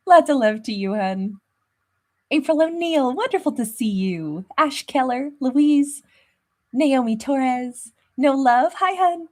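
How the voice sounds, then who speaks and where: A woman's voice: high-pitched, animated, takes it slowly. Chatty woman hosting a live stream. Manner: warm, chatty, laughs often, calls viewers babe and sweetheart. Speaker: tarot reader and channel host. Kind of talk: live stream chat, greeting viewers by name.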